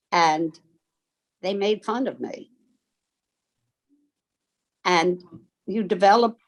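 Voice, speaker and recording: An older woman from Germany telling her life story in a slow, reflective, heartfelt way over a video call. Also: lowish voice, darkish tone, low-quality recording. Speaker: interviewee. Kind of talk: personal storytelling.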